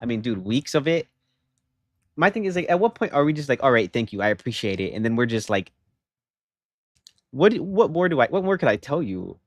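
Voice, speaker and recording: A man's voice: a little high, brisk, pauses often, no echo. Exasperated young man streaming live. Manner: animated storytelling, gets loud and exasperated. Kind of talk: casual livestream chat.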